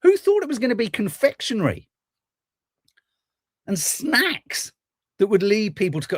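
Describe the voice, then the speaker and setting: A man's voice: sits high, huge pitch swings, moderate pace, long pauses, slightly rough, dry recording, clean studio sound. A man hosting a podcast, ranting through political commentary with plenty of swearing. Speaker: podcast host.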